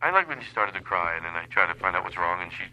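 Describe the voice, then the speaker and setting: A man hosting a comedy podcast, ranting at a prank caller in a put-on phone voice, exasperated and shrill. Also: expressive, racing, pushed and bright. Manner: exasperated, high-pitched mock phone voice. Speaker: podcast host.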